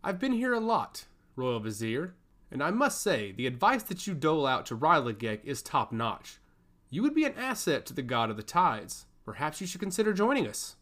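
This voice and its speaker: A man's voice: on the high side, sing-song, normal speed, a bit bright. A man voicing a smug, scheming male servant of a god who taunts and giggles, in a storybook reading.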